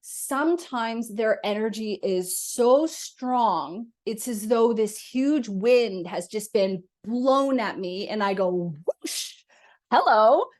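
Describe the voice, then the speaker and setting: Woman interview guest, animated, talks with her hands, relaxed chat. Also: medium pitch, slow, few pauses. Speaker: guest medium.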